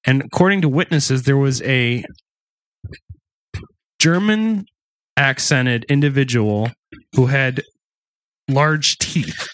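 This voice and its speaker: A man's voice: mid-range voice, slow, long pauses, fairly bright tone. A man co-hosting a casual true-crime podcast, talking loosely with asides and restarts. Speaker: podcast co-host.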